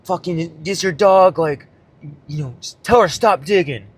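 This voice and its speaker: A man's voice: fairly high pitch, moderate pace, slightly rough, dry recording, voice pushed up. A man voicing an annoyed old male stoner hippie who swears bluntly. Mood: irritated.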